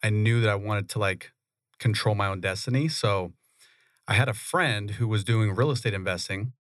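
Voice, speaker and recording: A man, a real estate investor, telling his story in a relaxed, conversational way in a radio studio. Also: fairly low pitch, normal speed, no echo. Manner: relaxed, conversational, laughs often. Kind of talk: interview storytelling.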